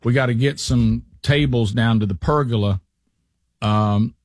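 A middle-aged man, a podcast co-host telling a rambling, animated story in casual chat. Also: mid-range voice, measured pace, no room sound, clean studio sound. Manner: rambling, animated anecdotes with restarts.

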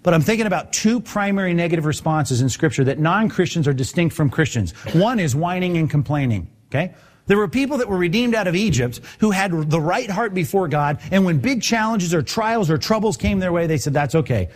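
A male pastor preaching a conversational sermon with a slightly high voice that rises and falls a lot. He keeps turning to his listeners with quick rhetorical questions. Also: expressive.

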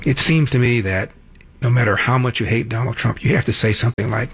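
A man's voice: mid-range voice, brisk, breathy edge. An older man hosting a political talk radio show, delivering a wry, combative monologue that builds to emphatic peaks.

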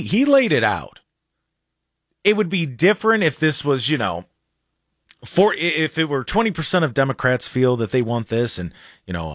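Guy hosting talk radio, chatty and halting, bouncy pitch, dry studio sound. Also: dry recording. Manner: chatty, halting, starts sentences over. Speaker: radio talk show host. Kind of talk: casual talk show banter. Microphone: studio microphone.

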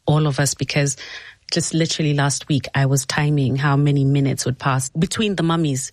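Gentle, supportive woman interviewer. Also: low-pitched, steady tone, fairly quick, dry recording. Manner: gentle and supportive, reflecting back on what the guest says. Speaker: host. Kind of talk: interview conversation.

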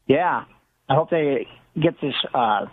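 A man calling in to a radio show and chatting in an easygoing, relaxed way. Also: medium pitch, slow, breathy edge. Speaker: caller. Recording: tinny phone line.

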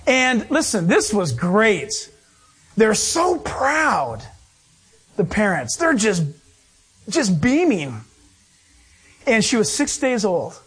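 A man preaching a sermon, telling stories with animated delivery and acting out other people's voices. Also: high-pitched, slow, pauses often, husky. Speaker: pastor.

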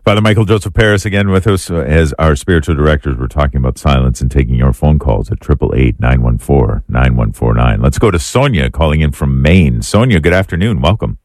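A man hosting a radio talk show, introducing a guest and taking calls in a measured announcer manner. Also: extremely low pitch, animated, a little mellow, dry recording, studio quality.

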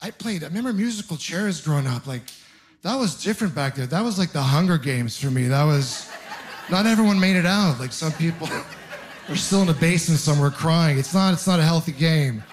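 A man's voice: fairly high pitch, a little fast. A man in his thirties doing a stand-up set, telling self-deprecating stories and talking straight to the crowd. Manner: self-deprecating storytelling, animated asides to the audience. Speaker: stand-up comedian. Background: audience laughter.

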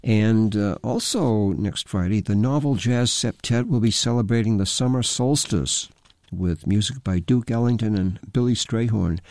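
A man hosting a radio segment, reading out the week's jazz listings in an unhurried way with small asides. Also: fairly low pitch, darkish tone, no room sound. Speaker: radio jazz calendar host. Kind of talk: reading a weekly jazz events calendar.

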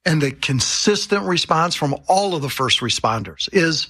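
Bright earnest man, slightly high. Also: lively intonation, moderate pace, breathy edge. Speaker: show co-host guest.

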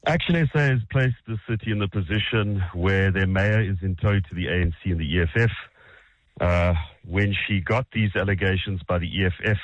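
Low, husky South African man, combative. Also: brisk, no room sound, muffled recording. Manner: combative, blunt corrections. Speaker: opposition politician. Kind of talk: broadcast political debate.

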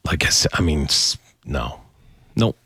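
A man's voice: a bass voice, a little slow, slightly rough, no room sound, in a whisper. A man co-hosting a casual radio show, telling stories and acting out the voices of people in them. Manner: animated storyteller, acts out quoted voices.

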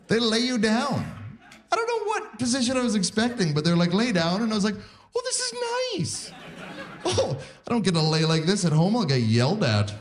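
A man's voice: high-pitched, brisk. A man in his forties doing a wry stand-up set on stage, acting out little voices. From Canada. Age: 40s. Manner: wry, animated, acts out voices. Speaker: stand-up comedian. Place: live comedy venue with audience.

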